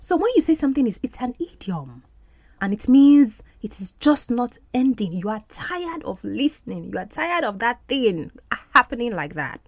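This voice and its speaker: A woman teaching English over film clips, her pitch leaping up and down as she explains and repeats words for practice. The recording is dry and close, with no room sound. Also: very animated, normal speed, no room sound. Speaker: podcast host and English teacher.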